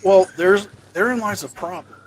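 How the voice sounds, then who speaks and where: A man who runs his own channel, talking in an animated, emphatic way on a casual panel. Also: high-pitched, moderate pace. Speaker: content creator. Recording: noisy home mic.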